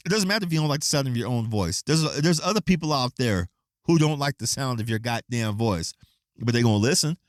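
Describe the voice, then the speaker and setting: Animated, profane man ranting on a podcast. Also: medium pitch, brisk, dry recording, studio quality. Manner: profane, animated storytelling with quoted voices. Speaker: podcast host. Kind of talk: casual solo podcast rant.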